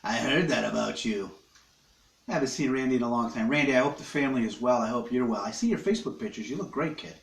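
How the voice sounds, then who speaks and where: A man rambles through a loose, joking live stream from his living room, chewing on snacks between crude wisecracks to his viewers. His voice sits at an ordinary middle pitch, and the sound bounces around an echoey room. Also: animated, fast talker, gravelly. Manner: joking, crude, eating while he talks. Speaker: livestream host. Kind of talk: rambling casual live chat.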